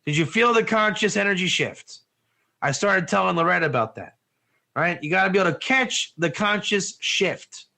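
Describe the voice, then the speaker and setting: A man with a high, bright voice lectures a live class. His pitch leaps all over as he rambles excitedly. He keeps laughing and slipping into put-on accents. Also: moderate pace, vocal fry. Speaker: Torah teacher.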